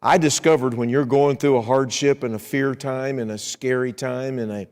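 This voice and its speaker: A middle-aged man preaching an evening sermon as a visiting evangelist, acting out anxious prayers in a rising pleading voice and dropping to a quiet hush for personal stories. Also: medium pitch, fairly even intonation, normal speed. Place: church sanctuary. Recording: long hall reverb in a church.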